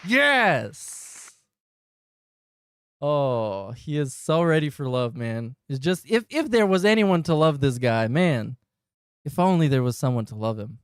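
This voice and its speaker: A man's voice: medium pitch, sing-song, normal speed, darkish tone, clear, resonant tone, no echo. A man giving sarcastic, mocking commentary while reacting to a clip. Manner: sarcastic, mocking, laughs often. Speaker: reaction streamer.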